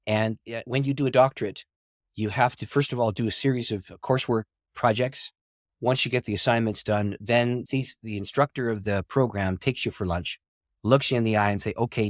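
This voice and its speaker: A middle-aged man, a pastor and author, telling a long story in an interview with animated delivery, acting out quoted dialogue and laughing often. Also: fairly low pitch, no echo, studio quality. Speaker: pastor and author, podcast guest.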